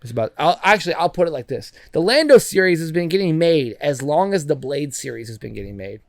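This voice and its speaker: A young man co-hosting a podcast in casual chat, excitable and swearing freely as he hypes things up. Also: fairly high pitch, fast, no echo, clean studio sound. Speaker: podcast co-host.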